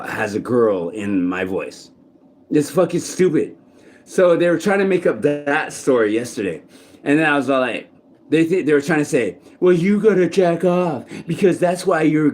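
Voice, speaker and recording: A man's voice: medium pitch, darkish tone. A man talking casually to the camera in a rambling, profane monologue full of restarts, recorded outdoors in a city park. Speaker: vlogger.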